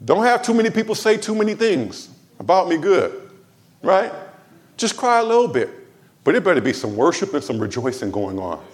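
A man's voice: high-pitched, very animated, moderate pace. A man from Los Angeles preaching a sermon in church, talking conversationally with humor and asides to the congregation. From Los Angeles, USA. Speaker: pastor.

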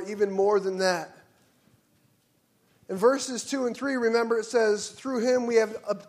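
A man preaching a sermon in church, swinging from hushed, measured teaching to loud, fervent exclamations. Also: high-pitched. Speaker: pastor. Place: church sanctuary.

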